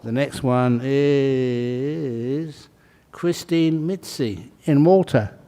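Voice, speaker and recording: A Buddhist monk leading a ceremony, calling out names in a casual, joking way and laughing between them. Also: male voice, medium pitch, very slow, dark tone, clear, resonant tone. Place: large hall.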